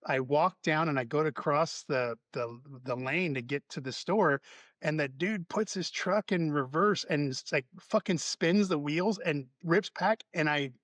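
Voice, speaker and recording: A man's voice: fairly high pitch, unhurried, no room sound. A man, a podcast guest and therapist, telling stories in casual conversation, swearing freely and acting out heated arguments. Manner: profane, animated storyteller, acts out quarrels. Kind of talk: casual storytelling interview. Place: Florida.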